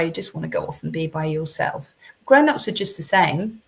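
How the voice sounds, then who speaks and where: Woman, parenting coach on a live stream, low voice, conversational with ums. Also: lively intonation, a little slow. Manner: conversational, chatty, frequent ums and restarts. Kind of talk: live-streamed advice talk.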